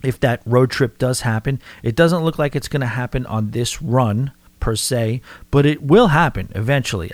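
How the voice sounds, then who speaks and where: A man's voice: medium pitch, dry recording. Male podcast host, New York accent, loose rambling delivery, dead-dry close mic. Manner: rambling, conversational, frequent restarts and fillers. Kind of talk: casual podcast monologue answering listener mail.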